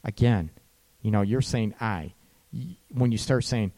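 A relationship advice host, a man with a lowish, unhurried voice, talks conversationally about calming arguments between partners. He keeps tagging his sentences with "right?" and now and then acts out what a partner might say in quoted dialogue.

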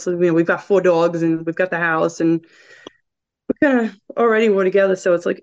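A woman's voice: on the low side, moderate pace. A woman guest with a regional American accent telling a story in casual chat, laughing and acting out quotes. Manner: chatty, laughing, quotes people in lively voices. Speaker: podcast guest. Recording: dull lo-fi sound.

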